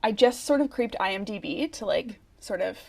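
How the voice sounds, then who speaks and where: A woman's voice: medium pitch, animated, moderate pace, creaky, breathy edge. A woman hosting a podcast interview, chatting casually and gushing over the story. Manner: warm, gushing, easily moved. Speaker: podcast host.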